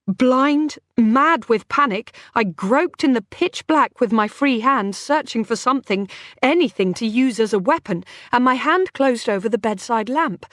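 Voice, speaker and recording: A woman's voice: a little high, animated, unhurried, no room sound, clean studio sound. A woman reading a thriller audiobook in first-person scripted narration, with tense, dramatic delivery.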